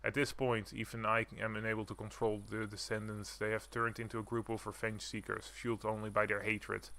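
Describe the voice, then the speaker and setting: A man reading game dialogue aloud as a formal, courteous noble mouse creature who squeaks between stiff, old-fashioned lines. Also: completely flat delivery, fairly quick, pushed and bright. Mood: solemn.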